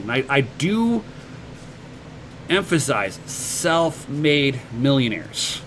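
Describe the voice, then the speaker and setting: A man's voice: medium pitch, fairly bright tone, slight background noise. A man hosting a casual livestream, answering viewer comments with blunt motivational advice, swearing casually and stumbling over repeated words as he starts sentences. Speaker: livestream host.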